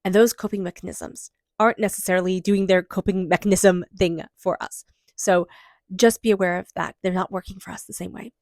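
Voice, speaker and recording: A woman reads tarot cards and guides a meditation in a soft, gentle voice that now and then sinks to a whisper. Her pitch sits in a middle range for a woman. The recording is close and dry, with no room sound. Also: fairly even intonation, a little fast, gravelly, no room sound. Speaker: tarot reader.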